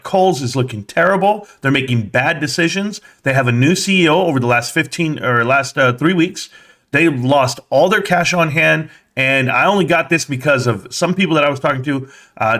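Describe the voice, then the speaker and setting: A man with a voice on the high side live-streams from his desk at home. He rambles casually, addresses his viewers directly, and breaks into quick bursts of excitement.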